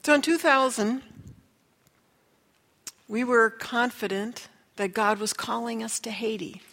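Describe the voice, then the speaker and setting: A woman's voice: on the high side, fairly even intonation, measured pace, gravelly, a bit bright. A middle-aged woman telling a personal faith story in an earnest way. She acts out the voices in the story she quotes. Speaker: speaker sharing a testimony. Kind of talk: storytelling testimony. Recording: long hall reverb.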